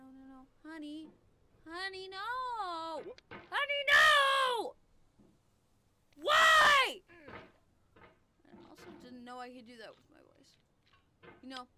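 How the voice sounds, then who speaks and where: A woman's voice: high-pitched, fairly bright tone, a little hiss or hum. A woman doing let's-play commentary, exasperated and cursing at the game. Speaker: gamer.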